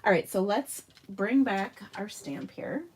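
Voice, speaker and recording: There's slight background noise as this Minnesota woman, unhurried and a little mellow in a mid-range voice, leads a live card-making session from her home craft room. She keeps up upbeat chatter and laughs often.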